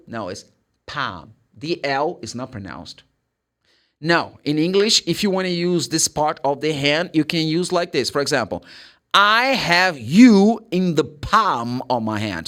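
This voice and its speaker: A middle-aged man from Brazil with a Brazilian Portuguese accent, teaching English in a casual spoken lesson and spelling words out slowly letter by letter. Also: fairly high pitch, a bit bright.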